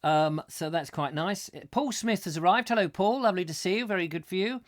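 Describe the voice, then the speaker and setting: A man's voice: sits high, fairly quick. A middle-aged man hosting a live chat show, chatty and theatrical with rambling asides while he reads out viewer comments. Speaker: host.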